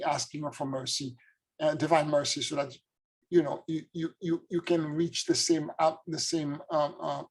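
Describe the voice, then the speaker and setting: A man's voice: on the high side, darkish tone, rough recording. A man, a spiritual teacher and former tarot reader, telling a story in an earnest, reflective and emotional way.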